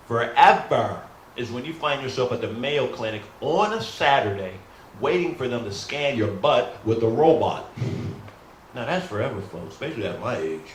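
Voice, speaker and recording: A middle-aged man rehearsing stand-up comedy in a rambling, self-deprecating way, often calling out to the folks. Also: medium pitch. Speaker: new stand-up comic. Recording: roomy echo, faint hum.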